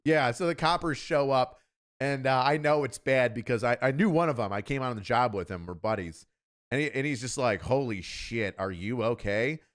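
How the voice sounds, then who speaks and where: An ex-cop man hosts the chat in a voice of middling pitch. He talks bluntly, with plenty of swearing and dry joking asides. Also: fairly quick, a bit bright. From Buffalo, New York area. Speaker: host, former police officer. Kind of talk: casual storytelling.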